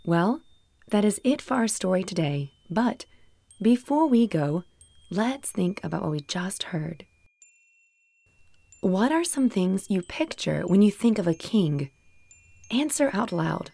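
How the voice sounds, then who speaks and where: A woman hosting a children's Bible story, reading gently and asking her young listeners to answer aloud, her voice still recovering from having been lost. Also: medium pitch, sing-song, takes it slowly, vocal fry, pauses often, no echo.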